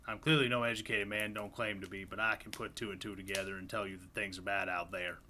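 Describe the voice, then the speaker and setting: Man reading as a frightened rough-spoken farmer. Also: lowish voice, level tone, fast, pushed and bright, a little hiss or hum. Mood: grim. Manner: rough folksy grammar, grim. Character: frightened uneducated male farmer writing diary.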